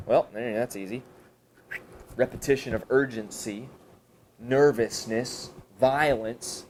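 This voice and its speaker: A man's voice: measured pace, pauses often, slight background noise. A man presenting a teacher training session to a live audience, thinking aloud and asking and answering his own questions. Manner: animated, jumps high in pitch for emphasis. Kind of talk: professional development workshop talk. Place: high school room with an audience. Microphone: camera recording a live session.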